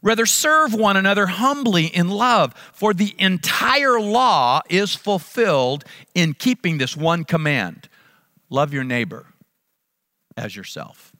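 A man's voice: high-pitched, expressive, slow, sharp tone, dry recording, studio quality. A middle-aged man preaching a sermon as pastor, emphatic and repeating key phrases for stress.

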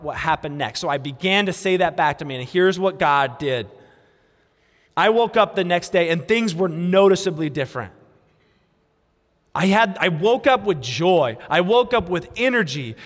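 A pastor in his thirties with a rather high voice tells his story earnestly in a sermon. His words ring out with a long reverb through the church hall, and he sinks to a hushed tone for prayer. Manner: earnest storytelling, drops to a soft hush for prayer. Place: church sanctuary.

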